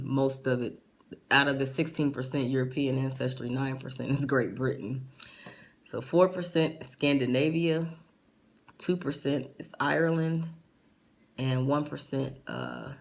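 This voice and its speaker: A middle-aged woman vlogger chatting casually and with amusement as she reads out her results, pausing often with fillers. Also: rumbling low. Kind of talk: casual chat reading results aloud.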